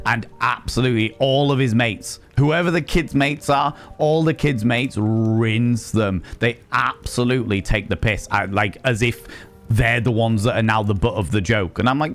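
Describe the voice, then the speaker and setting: A man, a streamer and sex educator, chatting casually and telling animated, wry stories while swearing freely. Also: medium pitch, moderate pace. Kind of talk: casual live-stream chat.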